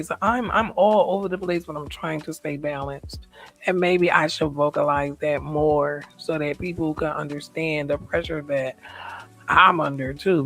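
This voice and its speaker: A woman's voice: low voice, a bit bright. An American woman talking in a personal, reflective vlog monologue. She speaks in a heartfelt, emotional way and repeats her affirmations. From United States. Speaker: vlogger.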